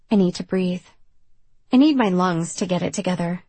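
A young woman narrating a first-person audiobook in a wry, confessional, self-deprecating way, with a husky voice. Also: on the low side, normal speed, dark tone, no room sound.

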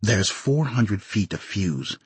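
A husky-voiced man voicing a crude, bossy middle-aged explosives seller who teases a lot, in a dry recording. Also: fairly low pitch, lively intonation, slow, no echo, full character voice. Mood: matter-of-fact.

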